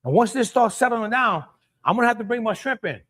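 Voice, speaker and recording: A man's voice: extremely high pitch, animated, a little fast, a bit bright, a little hiss or hum. A middle-aged man with a Cajun accent hosting a live cooking stream, talking in a folksy way and greeting viewers by name. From Louisiana. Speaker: cooking show host.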